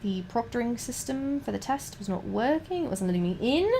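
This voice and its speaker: A woman's voice: on the high side, expressive, fairly quick, gravelly, dark tone, slight background noise. Young woman rambling with lots of swearing. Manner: rambling, heavy swearing, frequent restarts. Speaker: streamer. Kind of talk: casual chat while painting miniatures.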